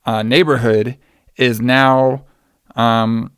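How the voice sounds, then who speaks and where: A man's voice: medium pitch, level tone, very slow, smooth, no echo. Rambling man recapping a film, dry sound. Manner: rambling, heavy on filler words. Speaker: podcast co-host.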